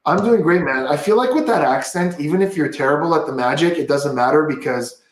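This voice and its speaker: A man's voice: fairly high pitch, fairly quick, echoey room. Upbeat man hosting a magic livestream. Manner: upbeat and chatty, explains tricks step by step. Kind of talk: casual livestream chat and magic tutorial.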